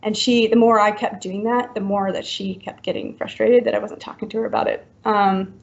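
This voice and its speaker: Gravelly-voiced woman, halting and filler-heavy. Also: medium pitch, fairly even intonation. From Florida, US. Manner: halting, full of likes and ums. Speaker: podcast guest. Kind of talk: personal storytelling in conversation. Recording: dull lo-fi recording.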